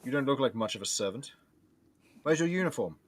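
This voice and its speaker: A man's voice: medium pitch, lively intonation, brisk, close to an everyday voice. A man voicing a proud, frustrated young ghost butler who speaks curtly and impatiently. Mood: irritated. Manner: curt, impatient, commanding.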